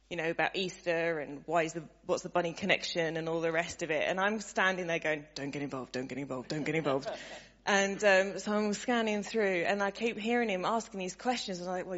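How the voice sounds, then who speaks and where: A woman sharing a story with a church gathering, animated and laughing, acting out the voices of the people in it. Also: mid-range voice. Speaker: church member sharing a testimony. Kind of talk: casual storytelling to a congregation. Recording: dull sound, long hall reverb.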